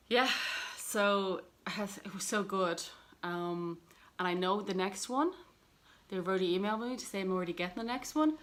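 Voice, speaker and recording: Woman, book vlogger, low-ish voice, rambling chatty delivery, recorded on the camera mic at home. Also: fairly bright tone, a little hiss or hum. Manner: chatty and self-deprecating, rambling with many fillers. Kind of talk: casual chat to camera.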